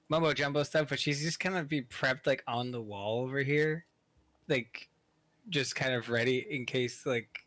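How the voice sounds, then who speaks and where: A man's voice: mid-range voice, fairly bright tone, no room sound. A man playing a tabletop game over a call, loosely describing what his character does in a rambling, easygoing way. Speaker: player.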